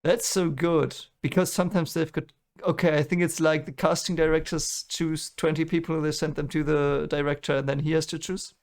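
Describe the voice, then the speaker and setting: A man's voice: fairly high pitch, little pitch movement, moderate pace. A man hosting a movie reaction, rambling and correcting himself as he thinks aloud. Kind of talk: casual reaction commentary.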